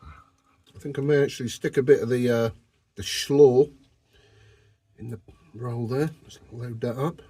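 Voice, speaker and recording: A man's voice: mid-range voice, fairly even intonation, a little slow, pauses often, mellow, slightly rough, dry recording. Cheeky man vlogging from a van. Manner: cheeky, jokey, talks to camera. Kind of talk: casual camping vlog. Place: inside a van, in the countryside. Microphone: phone camera.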